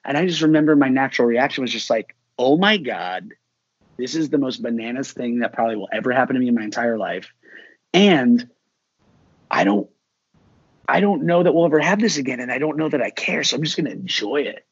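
A husky-voiced middle-aged man recounts his story in an interview, full of energy and acting out the lines of others. The recording is dry and slightly dull, with a lo-fi edge. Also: mid-range voice, a little fast, no echo. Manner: animated, acts out quoted dialogue. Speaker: musician guest. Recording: dull lo-fi sound.

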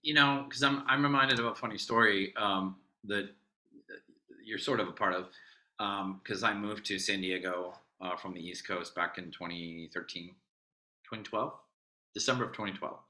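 An upbeat man hosts a podcast with a vivid, forceful edge to his voice. He sits a little low in pitch and slips easily into storytelling and laughter. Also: fairly even intonation, moderate pace. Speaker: podcast host. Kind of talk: casual podcast chat.

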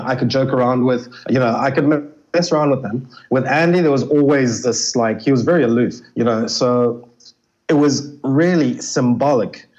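A Zimbabwean man, chatting as a guest in an interview, shares stories loosely and keeps dropping "you know." He speaks in a mid-range, darkish voice, and the lo-fi recording sounds slightly dull.

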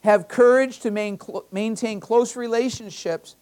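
A man's voice: high voice, steady tone, measured pace, a little mellow, clean tone. Male pastor preaching a conversational sermon. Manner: conversational preaching with personal anecdotes; emphatic, repeats key phrases. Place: church.

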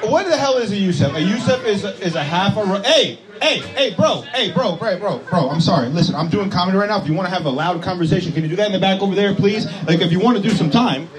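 A man's voice: high-pitched, rapid-fire, hardly any pauses, poor audio. A man doing stand-up comedy, brash and profane, joking with the crowd in a club. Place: comedy club with a live audience. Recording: loud crowd noise in a club. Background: audience laughter and chatter.

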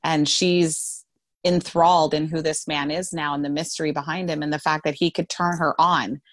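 A young woman author talking about her novel as a guest on a podcast, chatty and relaxed and quick to laugh. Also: low voice, no echo. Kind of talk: casual interview chat.

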